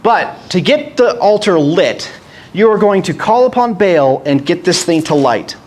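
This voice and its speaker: A man's voice: high voice, expressive, measured pace, darkish tone. A man voicing a bold male prophet who sets rules and taunts his rivals, in a retold scripture story. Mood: commanding. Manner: taunting, rule-setting.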